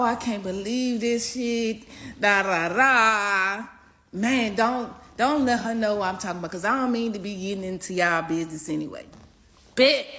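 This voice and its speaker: A young woman telling a personal story in a casual storytime video, animated and profane, swinging between loud outbursts and low mutters. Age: young adult.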